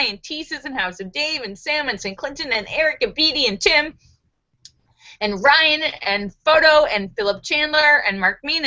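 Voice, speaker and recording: A woman's voice: high-pitched, sharp tone. A woman hosting a live stream, reading jokes aloud casually and giggling often, on dull lo-fi livestream audio. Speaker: livestream host.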